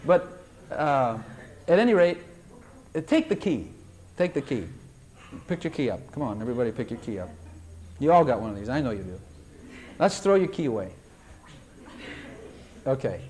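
An older man preaching a sermon to a congregation, animated and emphatic, rising into high tones as he acts out prayers.

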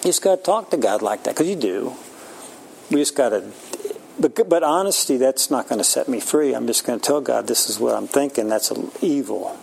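A man in his sixties talking candidly about faith, self-mocking, with frequent halting restarts. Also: mid-range voice, expressive, creaky, darkish tone, a little hiss or hum, poor audio. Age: 60s. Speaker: Christian speaker. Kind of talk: casual faith talk.

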